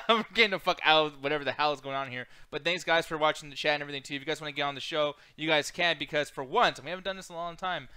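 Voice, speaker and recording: Casting: high, lively-voiced male podcast co-host, bright tone, profane and giggly. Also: fast talker, few pauses, clear, resonant tone. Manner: profane, laughs a lot. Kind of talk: casual gaming podcast chat.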